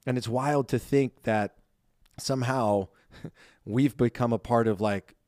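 A man's voice: medium pitch, slow, a little mellow, no echo, clean studio sound. A man co-hosting a podcast in casual chat, speaking earnestly and with heartfelt feeling. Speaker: podcast co-host.

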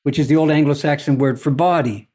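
Male guest with a measured, reflective delivery and a somewhat raised pitch; a thoughtful storyteller. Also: dark tone, breathy edge. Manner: deliberate, philosophical, often asks "you see?". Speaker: podcast guest.

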